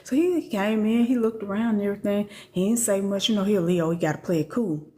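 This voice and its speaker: A middle-aged woman, a spiritual teacher, chats casually on a live stream at a quick pace against a noisy background. Her slangy, profane stories leap into quoted voices, which she acts out in a much higher pitch.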